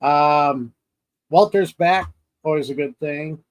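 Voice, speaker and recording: A man's voice: fairly high pitch, takes it slowly, rough recording. Podcast dude rambling along, acts out his reactions, laughs a bunch. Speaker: podcast co-host. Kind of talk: casual chat.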